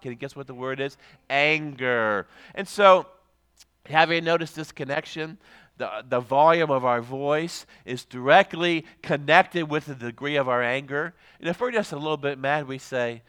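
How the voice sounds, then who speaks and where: A male pastor preaching a sermon, swinging from loud rises to soft drops and reading scripture slowly and emphatically. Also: a little high, animated, smooth.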